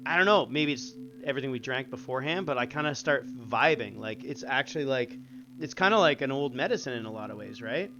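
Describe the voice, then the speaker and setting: A man's voice: medium pitch, lively intonation, brisk, bright, forceful tone. A young man co-hosting a podcast, chatting casually in a laid-back, rambling way and swearing freely. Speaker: podcast co-host. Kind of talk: casual chat. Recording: dull sound with clear noise.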